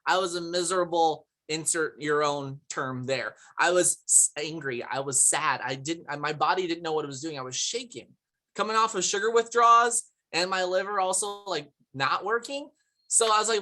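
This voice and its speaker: A woman's voice: on the low side, brisk, sharp tone. A woman hosting a live product presentation on a video call, chatty and laughing often, greeting viewers from the chat by name. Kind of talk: upbeat live presentation with chat shout-outs. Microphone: computer mic on a video call.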